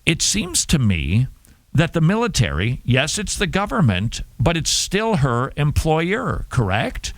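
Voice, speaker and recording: A man's voice: on the high side, wildly swooping pitch, measured pace, no echo. A middle-aged man hosting a talk show, commenting casually with sarcasm and jokey asides.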